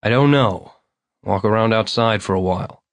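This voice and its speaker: A man's voice: lowish voice, normal speed, no room sound, natural voice. Man reading a weary guarded man, clipped replies, dry booth sound.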